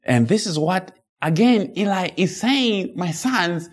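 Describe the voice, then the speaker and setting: A man preaching an expository sermon, emphatic and rhetorical, reading scripture slowly and dramatically, with sudden high-pitched outbursts. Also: expressive.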